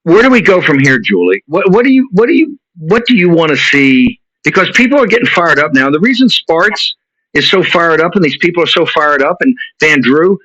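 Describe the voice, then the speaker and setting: A man's voice: a little high, very animated, brisk, sharp tone, husky, dry recording. A man hosting a show, ranting in heated commentary and hammering his points with repetition. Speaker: show host. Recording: dull lo-fi recording.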